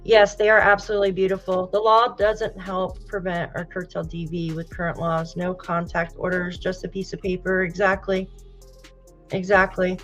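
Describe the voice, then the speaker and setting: A woman's voice: lowish voice, little pitch movement, moderate pace, soft background music, rough recording. A woman hosting a true crime live stream, talking casually and emotionally with sympathy while reading viewer comments. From United States. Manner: emotional, sympathetic, softly exclaiming. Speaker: true crime show host.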